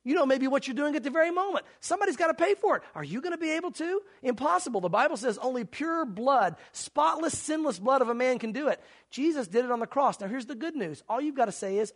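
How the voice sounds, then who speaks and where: High-voiced preacher, dramatic and earnest. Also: male voice, lively intonation, fast talker, hardly any pauses. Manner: dramatic, acts out mocking crowds and shouts; earnest, pleading altar call. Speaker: pastor. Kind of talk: sermon.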